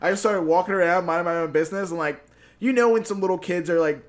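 A man hosting a casual chat, telling stories in an animated way with swearing and laughs. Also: high-pitched, fast.

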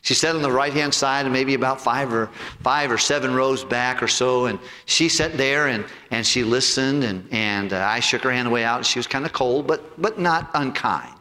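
Pastor preaching in an echoey church. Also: male voice, moderate pace, hardly any pauses. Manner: earnest storytelling, drops low and soft for quoted lines. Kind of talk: sermon with personal story. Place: church sanctuary. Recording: long hall reverb.

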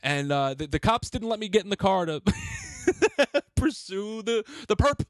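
A hotel doorman's high-pitched, animated voice comes through clean studio sound with no echo, at a moderate pace. Telling a story casually on a podcast, he swears, gets worked up, and restarts sentences again and again.

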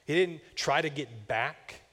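A man's voice: a little high, measured pace, pushed and bright. A young man, a campus minister, preaching a sermon in a conversational, storytelling way. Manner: conversational, personal storytelling with asides. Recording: long reverb of a large church hall.

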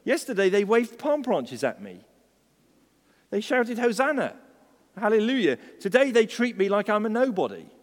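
A man's voice: sits high, wildly swooping pitch, normal speed, voice pushed up. A man doing a proud, wounded young donkey colt. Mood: plaintive. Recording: long hall reverb.

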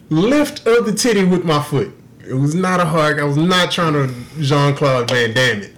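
A young man on a podcast, telling a story in an animated, profane way and laughing through the punchlines. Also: on the high side, drawn-out words, long pauses. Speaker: podcast co-host. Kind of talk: casual storytelling.

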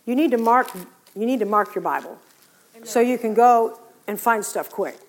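Animated woman preaching a sermon. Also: on the high side, moderate pace. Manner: animated storytelling, acting out scripture voices.

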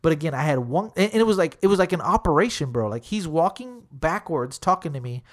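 Man in casual chat retelling a run-in, cusses freely, lots of filler words, animated delivery. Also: on the high side, quick pace. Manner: heavy swearing, fillers like "literally" and "dude"; animated retelling, acting out quotes.

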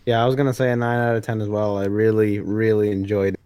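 A young man co-hosts a comics podcast, talking fast in a lowish, darkish, clean voice with little pitch movement and no echo. The chat is casual and rambling, heavy on fillers, and he acts out quotes.

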